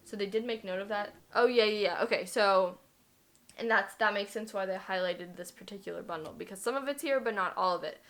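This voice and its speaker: A woman's voice: mid-range voice, brisk, a bit bright. A woman in her twenties talking casually through an unboxing review, chatty and self-deprecating, with lots of fillers. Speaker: thrift vlogger.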